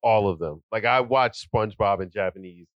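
A man's voice: on the low side, moderate pace, no room sound. A man co-hosting a crude casual podcast, bantering in slang and laughing often. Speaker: podcast co-host. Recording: dull dry lo-fi sound.

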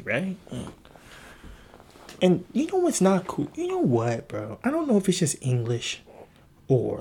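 A man talks through a casual solo podcast episode in a loose, rambling way. He is playful and drifts from jokes to half-serious thoughts. His pitch leaps up whenever he acts out a voice he is quoting. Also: a little mellow. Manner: rambling, playful, jumps between jokes and musings; acts out quoted voices with big pitch jumps. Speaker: podcast host.

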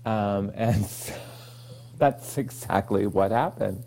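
An Oklahoma man guesting on a podcast tells stories in casual conversation, acting out the lines he quotes and laughing easily. His fairly low voice is slow and carries vocal fry.

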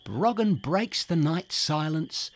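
Slow man narrating a rhyming storybook. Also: on the high side, expressive, loud music behind the voice. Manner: gentle, rhythmic, rhyming delivery.

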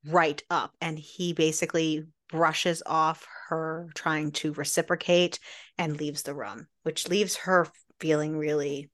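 A woman co-hosting a podcast, summarizing the story in a measured, casual way and drawing out her words. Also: deep voice, little pitch movement, a bit bright. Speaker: podcast co-host. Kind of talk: casual book discussion.

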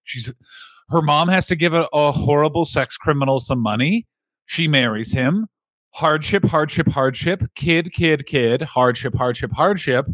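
A comedian chatting loosely, his voice sitting a bit high for a man. He rambles with jokes, and the recording is dry and close. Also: measured pace, a bit bright, no echo. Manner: rambling, jokey, slips into silly character voices. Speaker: podcast co-host, comedian. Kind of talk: comedic casual chat.

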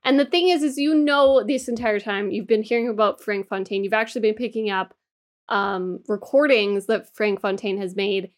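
A woman's voice: medium pitch, normal speed. Chatty woman recapping a story. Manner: explains at length, with fillers. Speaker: podcast co-host. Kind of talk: casual chat, recapping a game story.

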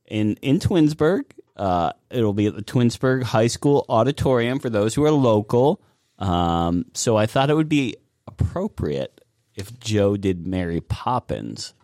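A man's voice: lowish voice, sing-song, measured pace, a little mellow, no room sound, clean studio sound. A man hosting a podcast game in casual chat, upbeat and teasing. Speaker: podcast host running a game.

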